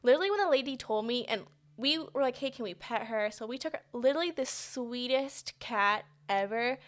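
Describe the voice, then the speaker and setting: Young woman co-host, bright higher voice, blunt and profane. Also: a little fast. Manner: blunt, swears freely, animated. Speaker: podcast co-host. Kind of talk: casual chat.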